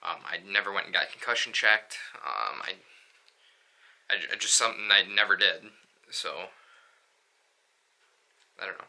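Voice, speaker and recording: Young man, vlogger, very bright tense voice, lowish pitch, rambling storytelling. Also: unhurried, vocal fry, pauses often. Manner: rambling, lots of fillers and restarts. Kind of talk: casual storytelling vlog.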